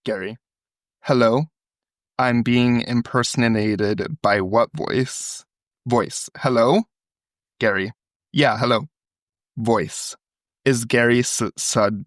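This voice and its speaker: A man's voice: medium pitch, slow, long pauses, no echo, clean studio sound. A man co-hosting a podcast, reading a phone call transcript aloud and acting out the quoted lines. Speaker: podcast co-host.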